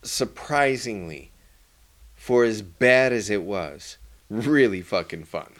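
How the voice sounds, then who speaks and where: A man's voice: on the low side, animated, slow. A man co-hosting a casual movie podcast, rambling with hesitations and occasional swearing. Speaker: podcast co-host.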